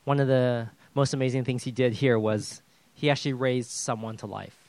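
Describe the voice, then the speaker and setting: A man preaching a casual, conversational sermon as a pastor, with joking asides, swinging between loud emphasis and hushed drops. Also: medium pitch, fairly even intonation, normal speed, no echo.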